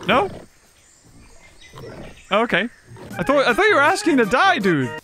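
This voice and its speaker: A man giving excitable live commentary over a video game, exclaiming and laughing often. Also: very high-pitched, a little slow. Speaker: gaming YouTuber.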